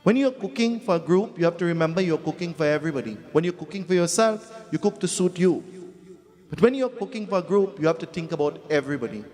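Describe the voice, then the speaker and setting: This man speaks quickly in a slightly high, animated voice with a darkish tone and a Trinidadian accent. He's a pundit telling folksy, funny, repetitive stories in a devotional sermon full of repeated phrases, heard in an echoey hall where faint music plays.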